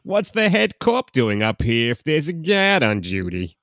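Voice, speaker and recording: A man's voice: on the high side, very animated, measured pace, fairly bright tone, dry recording, studio quality, voice pushed up, heavily acted. Man putting on a wary young woman. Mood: curt.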